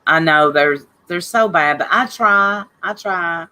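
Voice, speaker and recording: A woman's voice: fairly low pitch, takes it slowly, sharp tone, low-quality recording. Blunt, chatty woman on a livestream. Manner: chatty, greets viewers by name, blunt and fired up. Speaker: livestream host reading chat. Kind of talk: casual livestream chat.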